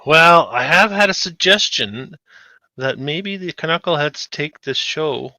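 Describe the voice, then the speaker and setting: Gravelly, bright-voiced man. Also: on the high side, expressive, slow, no room sound. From Western Canada. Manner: laid-back, agreeable. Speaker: podcast co-host. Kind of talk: casual chat. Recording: dull, dry lo-fi mic.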